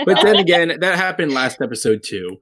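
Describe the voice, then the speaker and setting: A man narrating as game master of a tabletop game, relaxed and filled with ums. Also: on the high side, a little fast, no room sound, studio quality.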